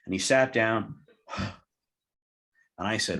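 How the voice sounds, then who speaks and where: A man's voice: fairly low pitch, steady tone, moderate pace, long pauses, a bit bright. A man, a hypnotherapist guest, telling a client story in an interview and acting out both sides of the dialogue. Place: lived in Tucson, Arizona.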